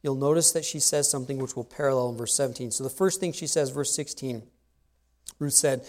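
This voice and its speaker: A man's voice: medium pitch, brisk, darkish tone. A man preaching an expository sermon, conversational, explaining step by step and speeding up on asides.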